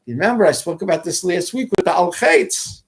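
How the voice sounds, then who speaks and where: High-voiced and slightly rough, this expressive talk show host speaks at normal speed. He preaches through a forceful political monologue, asking rhetorical questions, using Hebrew and Yiddish words, and imitating the voices of critics.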